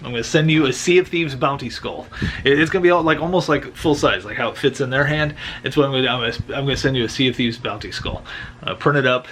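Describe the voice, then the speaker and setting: A man's voice: mid-range voice, fast, fairly bright tone. Rambling man vlogging at home. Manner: rambling, joking, self-interrupting. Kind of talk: casual vlog chat. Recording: noisy home recording.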